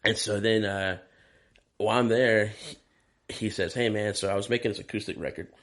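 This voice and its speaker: With a fairly low voice at normal speed, a male drummer who tours and plays sessions recounts stories as an interview guest. The chat is casual; he gets animated, swears a lot and acts out what others told him.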